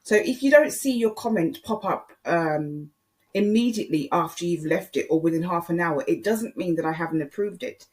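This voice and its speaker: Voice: mid-range voice, moderate pace. Opinionated YouTube commentator talking to camera. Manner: opinionated, addresses viewers and other creators directly. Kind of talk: casual monologue commentary.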